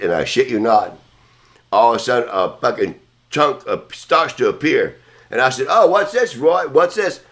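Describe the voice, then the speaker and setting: A man's voice: medium pitch, gravelly, fairly bright tone. A man hosting a podcast, telling a long story in a casual, rambling, profane way. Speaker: podcast host.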